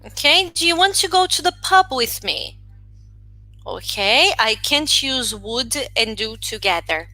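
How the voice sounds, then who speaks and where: A woman teaching an English class online, encouraging and clear as she reads out students' answers and corrects them. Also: a little high, no echo, low-quality recording. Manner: slow, clear and expressive.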